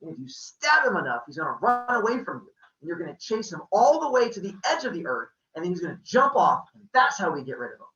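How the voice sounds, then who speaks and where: A man plays a weary mother goddess laying out a scheme, matter-of-fact. The tone is bright and lively. It sounds roomy, distant and a little dull. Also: high voice, fast talker, hardly any pauses, full character voice. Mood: scheming.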